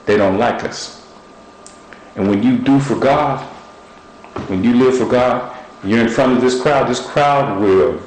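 A middle-aged man preaching a sermon, repeating short phrases and using objects as illustrations. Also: mid-range voice. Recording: echoey room with faint noise.

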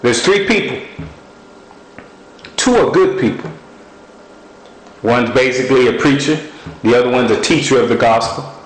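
A man preaching a sermon, telling personal stories in a lively, folksy way and sometimes quoting what God said to him. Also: medium pitch, normal speed, pauses often, reverberant, rough recording. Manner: animated storytelling, folksy speech.

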